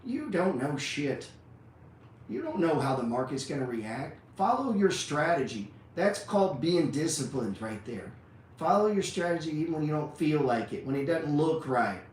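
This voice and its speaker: A man's voice: a little high, very animated, normal speed, darkish tone, far from the mic, slight background noise. A man giving a blunt, profane motivational rant about trading as a teacher, peppering his talk with "man" and "dude". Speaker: trading educator. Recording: echoey room, voice from off-mic.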